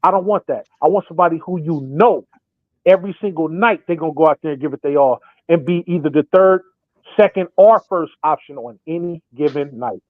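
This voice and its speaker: Young male sports podcaster, high voice, animated, dry tinny line. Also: a little fast, no echo. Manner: acts out imagined quotes in put-on voices. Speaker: podcast co-host. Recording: thin phone-like sound.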